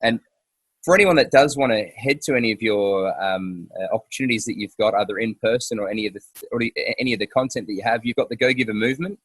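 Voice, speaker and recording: A man's voice: lowish voice, fast, husky, no echo. A man hosting a casual interview outdoors, talking hesitantly with many fillers and restarts. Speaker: podcast host.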